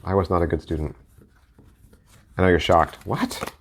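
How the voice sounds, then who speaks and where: A man's voice: low-pitched, big pitch swings, moderate pace, slight background noise. A middle-aged man rambling casually as he reviews playing-card decks, joking and poking fun at himself. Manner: rambling, joking and self-mocking. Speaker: deck collector and video host.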